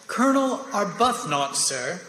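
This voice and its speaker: A man's voice: high-pitched, very animated, unhurried, pushed and bright, a little hiss or hum, heavily acted. A man reading the part of an eager young army lieutenant who keeps pleading with his superior in a staged play reading. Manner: wheedling, persistent, keeps saying sir. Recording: echoey reverberant hall.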